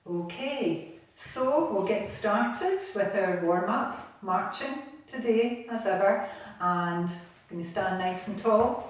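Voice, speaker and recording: A Scottish woman gently leading a home exercise class from her bathroom, encouraging and patient. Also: lowish voice. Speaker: exercise instructor. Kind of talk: guided seated exercise class. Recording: echoey room, distant mic, faint noise.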